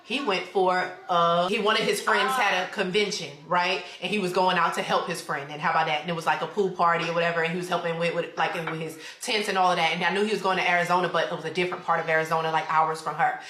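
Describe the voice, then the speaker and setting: A woman's voice: fairly low pitch, fairly even intonation, fast, hardly any pauses, bright, forceful tone, roomy sound. A young woman telling a rambling personal story in a casual storytime chat at home, full of fillers. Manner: rambling, chatty, with many fillers. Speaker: vlogger.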